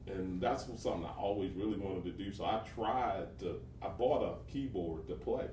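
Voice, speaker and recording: A man's voice: low-pitched, a little mellow. An older man and father chatting casually with his grown sons, rambling and restarting his sentences. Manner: rambling, halting, many fillers and restarts. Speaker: father and teaching pastor. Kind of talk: casual family chat. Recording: roomy, distant mic with faint noise.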